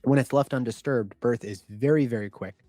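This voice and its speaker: A man's voice: mid-range voice, brisk, warm tone, dry recording, faint music behind. A man speaking as a guest doctor on a podcast, earnest and reflective, stressing points by repeating words. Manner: earnest, reflective, emphatic repetition. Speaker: guest OB-GYN. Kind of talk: podcast interview.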